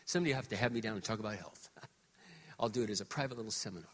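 A man in his sixties preaching a sermon as pastor, moving between quiet, confiding talk and loud, shouted exhortation. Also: fairly low pitch, fast talker, slightly rough, long reverb tail. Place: church sanctuary.

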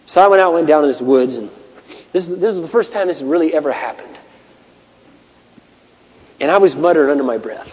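A man preaching a sermon as pastor, impassioned, dropping to hushed asides and rising to shouted bursts. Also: on the high side, lively intonation, a little fast, pauses often. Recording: muffled echoey hall.

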